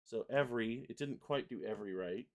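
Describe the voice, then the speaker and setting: Male host for a software tutorial stream: low, gravelly, unhurried, talks while typing. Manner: relaxed, chatty, reads lyrics aloud while typing and clicking. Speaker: host, software product designer. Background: keyboard typing and mouse clicks.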